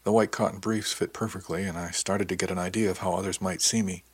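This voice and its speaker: Deep, husky male narrator. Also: steady tone, quick pace, dry recording. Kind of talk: audiobook narration.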